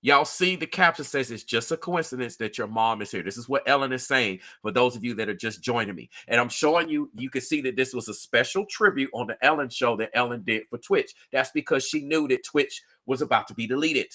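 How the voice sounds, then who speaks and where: A man's voice: medium pitch, a little fast, hardly any pauses, pushed and bright. A man hosting a livestream, talking earnestly and emphatically to his viewers and repeating himself often. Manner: talks directly to viewers. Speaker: livestream host. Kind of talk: livestream commentary.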